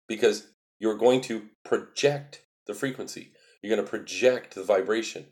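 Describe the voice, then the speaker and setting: On a casual livestream, a man with a fairly low voice speaks at a moderate pace as he explains spiritual ideas. His manner is earnest, repetitive and emphatic, and he answers questions from viewer chat.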